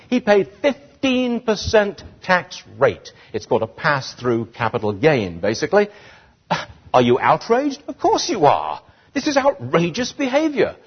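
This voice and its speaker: A British man speaking to a live audience, his pitch swinging widely as he builds to indignant peaks. His voice is husky. The recording sounds dull and lo-fi. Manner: animated, rising to indignant emphasis. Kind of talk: public speech.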